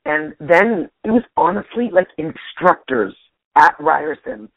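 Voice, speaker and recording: Husky woman on a phone line. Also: sits low, a little slow, no echo. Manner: animated, restarts sentences. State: nearly losing her voice. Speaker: stand-up comedian guest. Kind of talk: casual interview chat. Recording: tinny dry phone line.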